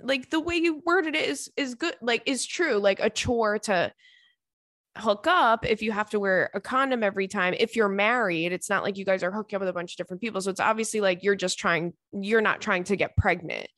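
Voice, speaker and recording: A woman's voice: medium pitch, brisk, fairly bright tone, dry recording, clean studio sound. A young woman hosting a podcast, chatting casually and rambling through listener messages with lots of fillers. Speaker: podcast host.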